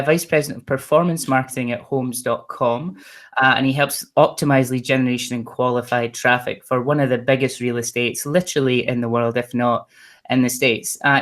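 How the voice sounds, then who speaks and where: A male webinar host who keeps things light, with a middle-pitched voice and a joking, teasing manner. He moves quickly between introductions and playful jabs at his guests. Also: fairly bright tone. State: energetic from caffeine. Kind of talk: casual panel introductions.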